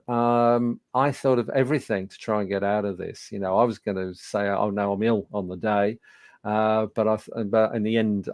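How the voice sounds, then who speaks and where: Gravelly older English man telling stories. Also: lowish voice, no room sound. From England. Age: 60s. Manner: conversational, animated anecdotes with fillers. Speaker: webinar presenter. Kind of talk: storytelling presentation.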